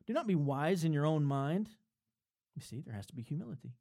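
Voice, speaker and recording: A man's voice: fairly high pitch, lively intonation, brisk, vocal fry, mellow. A man preaching a sermon in a conversational way, building up to emphatic points and chuckling between them. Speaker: pastor.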